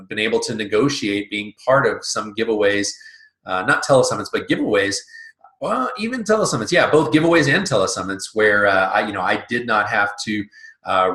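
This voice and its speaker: A man's voice: lowish voice, fairly bright tone. A man teaching an online business lesson in a casual, chatty way, full of fillers and restarts. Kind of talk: recorded lesson. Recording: roomy echo.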